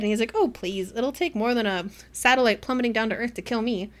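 A woman co-hosting a casual book club podcast, retelling scenes in an animated way and acting out the characters' lines. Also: a little high, fast. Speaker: podcast co-host.

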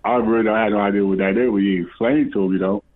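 A man's voice: fairly low pitch, steady tone, rapid-fire. A man calling in on a phone, rambling and hesitant, stopping and restarting with many fillers. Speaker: caller. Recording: tinny phone line.

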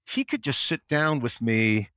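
A middle-aged American man, a general counsel as interview guest, talking in an animated way and acting out quotes. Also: measured pace, no echo, clean studio sound. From United States. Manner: animated storyteller, acts out quotes in higher voice. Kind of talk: conversational interview.

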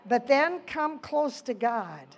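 A woman's voice: fairly high pitch, big pitch swings, takes it slowly. A woman giving an earnest Bible teaching, reading scripture aloud with her own asides. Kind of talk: sermon.

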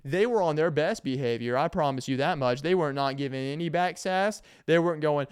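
A young man carries a casual comedic podcast monologue on his own. His voice sits a little high, with a smooth, clean tone and a dry, close sound. He rambles from one story to the next and acts out quotes along the way. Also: fairly quick, hardly any pauses, dry recording. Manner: rambling, animated storytelling with laughs and put-on quotes. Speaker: podcast host.

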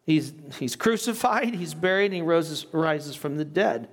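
Here a man with a slight non-native accent speaks expressively at a measured pace, his pitch on the high side. As a pastor, he teaches Bible study conversationally and asks his students questions.

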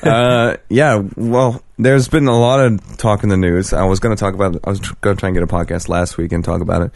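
A young man hosting a podcast in a casual chat, sardonic and deadpan, swearing often. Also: lowish voice, fairly quick. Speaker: podcast host.

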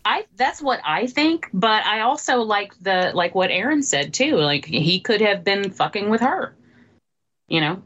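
A woman co-hosts a casual movie podcast in a middle-pitched voice. She talks hesitantly, full of ums and restarts as she works out her thoughts. Her recording sounds dull and slightly muffled. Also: big pitch swings, measured pace, a bit bright. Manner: hesitant, lots of ums and restarts, laughs easily. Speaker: podcast co-host. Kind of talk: casual film review chat.

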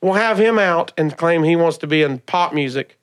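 A comedian from Alabama with a Southern accent tells stories on a podcast. His voice sits a little high for a man. He talks in a loose, lively way and laughs often as he acts out what others said. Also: moderate pace. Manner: animated, laughing through stories, acting out others' lines. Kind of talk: casual storytelling.

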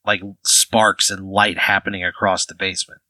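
A man's voice: sits low, little pitch movement, moderate pace, pushed and bright, dry recording, rough recording. A man narrating as game master in a rambling way, full of "like" fillers.

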